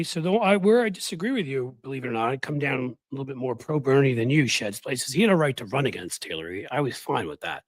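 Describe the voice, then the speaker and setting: A man hosting a political live stream, raspy from the flu, talking bluntly and conversationally to his viewers. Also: mid-range voice, expressive, fast, hardly any pauses, dry recording, rough recording. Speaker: political commentary host.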